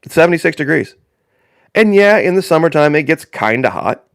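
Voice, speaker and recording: A man's voice: on the high side, sing-song, brisk, vocal fry, no room sound, clean studio sound. A man from northern Indiana hosting a live stream in casual chat, rambling in a folksy way and repeating phrases for emphasis.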